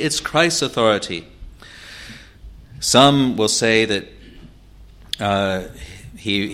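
A man preaching an expository sermon, teaching in a measured way with pauses and restarts. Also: medium pitch, sharp tone.

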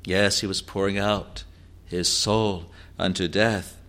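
A man preaching a sermon, explaining scripture verse by verse with many pauses and "uh" fillers, reading passages in a formal old style. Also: deep voice, little pitch movement, sharp tone. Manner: slow and halting, frequent "uh" fillers and self-corrections; reads scripture in an older, formal register.

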